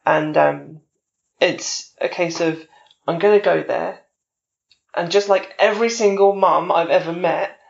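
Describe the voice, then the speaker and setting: A woman guest in a casual podcast chat, rambling and self-deprecating, with a gravelly edge and a giggly manner. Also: fairly low pitch, unhurried. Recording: dull lo-fi sound.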